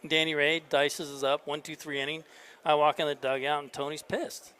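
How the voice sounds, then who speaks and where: A man's voice: fairly high pitch, a little fast, clean tone. A man, a head baseball coach, telling stories in a casual interview at a convention, acting out the dialogue. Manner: animated storyteller acting out dialogue. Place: convention floor.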